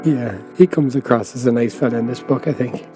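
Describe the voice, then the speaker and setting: A man's voice: mid-range voice, a little fast, over loud music. An Irish man co-hosting a casual chat podcast, rambling and self-deprecating, laughing often. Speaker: podcast co-host.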